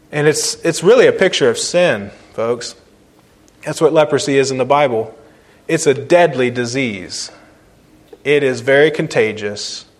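A male pastor preaching a sermon, repeating phrases for emphasis and swinging between loud stressed words and quiet, slow points. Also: a little high.

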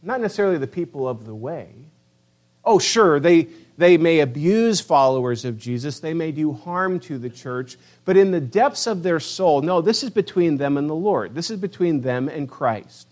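Expressive and on the high side, a middle-aged man preaches a sermon at normal speed with great passion. Quoted voices are acted out, and his delivery shifts between loud proclamations and hushed remarks.

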